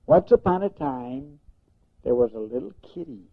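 Gravelly old grandpa telling bedtime story. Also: male voice, medium pitch, lively intonation. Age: older. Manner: slow, gentle, singsong storytelling. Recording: tinny phone-like sound.

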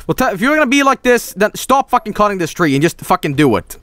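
A young man streaming a video game, excitable and swearing, often yelling at the characters on screen. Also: high-pitched, fast talker, no echo. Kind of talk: gaming livestream commentary.

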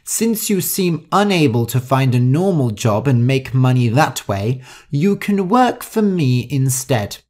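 Scolding old landlady, high and lively, slow and strict, man putting her on. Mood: stern. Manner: stern, scolding.

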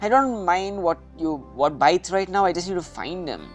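A woman giving casual gameplay commentary, excitable and anxious, often calling out "dude". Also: lowish voice, normal speed, faint music behind. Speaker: gaming video host.

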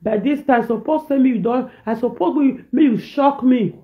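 A Nigerian man delivers a preachy, repetitive rant in a reaction video, moving between pidgin and a local language. His voice sits high. The sound is thin and tinny, like a phone line. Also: moderate pace. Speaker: social media commentator.

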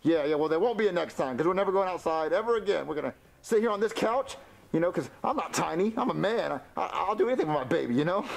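A man's voice: sits high, expressive, quick pace, gravelly. A man voicing a boastful, cowardly little puppet husband who stammers and makes excuses in a comedic puppet show.

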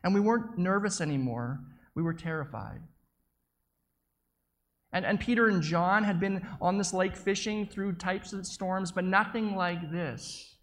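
A preacher with a mid-range, fairly bright voice speaks a little slowly, recounting a story in the first person as an eyewitness. His telling is vivid and dramatic, marked by small stumbles and repeated words.

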